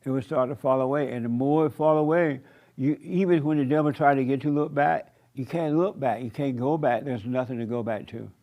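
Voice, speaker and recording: A man's voice: medium pitch, steady tone, a little fast, lo-fi sound. A man preaching a sermon in an emphatic, repetitive cadence with folksy turns of phrase. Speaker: pastor.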